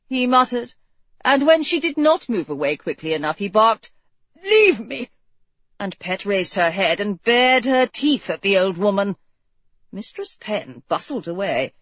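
Slow, measured woman narrating a story. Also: medium pitch, dry recording. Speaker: audiobook narrator. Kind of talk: scripted narration. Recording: dull, lo-fi recording.

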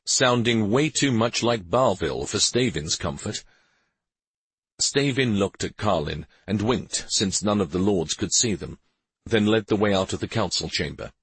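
A man reading a story aloud as narrator, in an unhurried, expressive way. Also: low voice, slightly rough, no room sound. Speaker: audiobook narrator. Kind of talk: scripted narration.

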